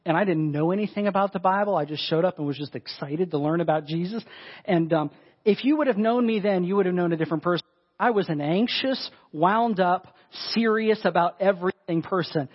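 A pastor preaching a sermon in a conversational, emphatic way, often saying "like". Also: male voice, sits high, a little fast, husky, dull audio.

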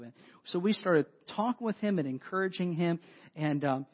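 A pastor with a high, bright voice tells a story during his sermon at normal speed, adding animated, self-deprecating asides for the congregation. The audio is dull and lo-fi, like an older sound system.

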